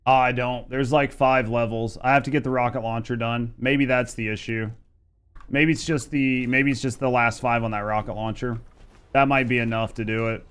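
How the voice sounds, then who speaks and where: A man's voice: medium pitch, fairly even intonation, moderate pace, fairly bright tone, smooth. A man in his thirties from Indiana with a Midwestern accent, chatting casually and rambling on a live game stream, swearing freely. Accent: Midwestern American. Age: over 30. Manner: laid-back, rambling, swears a lot.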